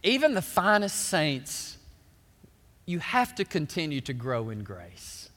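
A male pastor preaching a sermon, swelling loud and then dropping quiet. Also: on the high side, wildly swooping pitch, takes it slowly. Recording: long hall reverb.

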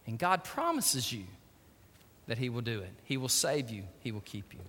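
A middle-aged man preaching a sermon in a church, telling stories dramatically and swinging between hushed and loud delivery. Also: medium pitch, big pitch swings, normal speed, husky. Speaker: pastor. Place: church sanctuary. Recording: long church-hall reverb.

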